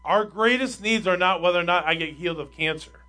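A man preaching a sermon as pastor, emphatic and asking his congregation rhetorical questions, with his voice swinging between loud and quiet. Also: high voice, a little fast.

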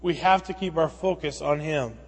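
A man with a high voice preaching in a church sanctuary, where his words ring with long reverb. He reads scripture with building emphasis and then breaks it down in plain, conversational terms. This is a pastor delivering a sermon from the pulpit. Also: moderate pace.

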